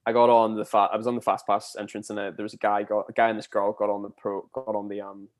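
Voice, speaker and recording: Chatty young man telling stories, low voice. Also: fast talker. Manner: chatty, rambling, animated when telling stories. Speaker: podcast guest, former theme park cast member. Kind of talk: casual anecdotal storytelling.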